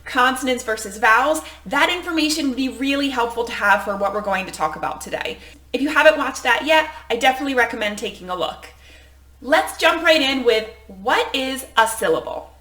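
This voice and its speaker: A woman's voice: high-pitched, bright, forceful tone, roomy sound. A woman teacher giving an upbeat, explanatory online phonics lesson to other teachers.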